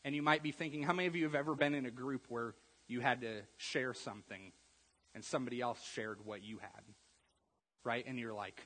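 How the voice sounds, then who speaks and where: A man preaching a conversational sermon, repeating words and swinging from quiet asides to loud emphasis. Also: mid-range voice, fairly quick, husky. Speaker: pastor. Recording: long reverb of a church hall.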